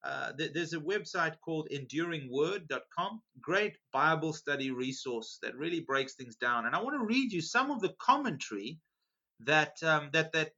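A male preacher reading scripture aloud and stopping for amused, animated asides. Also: fairly high pitch, moderate pace, lo-fi sound. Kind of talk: sermon reading scripture with commentary.

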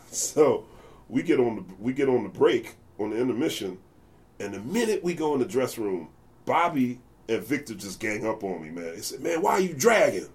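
An American jazz bassist, guesting on a casual interview, tells animated anecdotes and imitates other people's voices along the way. His voice sits in the mid range, he speaks at a moderate pace, and there's a little background noise.

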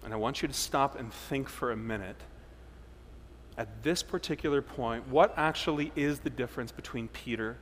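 A man's voice: moderate pace, slight background noise. Dramatic preacher man in a reverberant hall. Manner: dramatic, swings between loud emphasis and hushed low tones. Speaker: pastor. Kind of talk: sermon.

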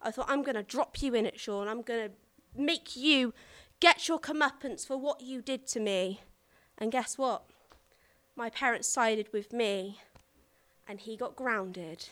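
A woman's voice: fairly high pitch, a little slow, a bit bright. A woman telling a personal story to an audience in an earnest, dramatic way. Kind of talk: live storytelling.

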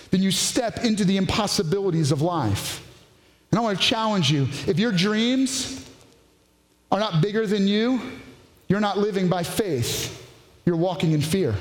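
High-voiced preaching man in an echoey hall. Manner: passionate preaching, shifting between rapid bursts and slow emphatic phrases. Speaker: pastor. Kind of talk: sermon.

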